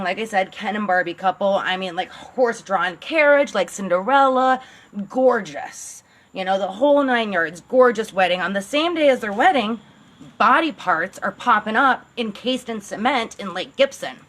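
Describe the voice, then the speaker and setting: A woman's voice: mid-range voice, fairly bright tone. A woman telling a true-crime story as a channel host, in a casual, blunt, sarcastic way, swearing now and then.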